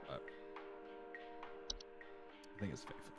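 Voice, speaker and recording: A man's voice: takes it slowly, over loud music. A man streaming a game, joking and rambling and slipping into silly voices. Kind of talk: casual gaming livestream.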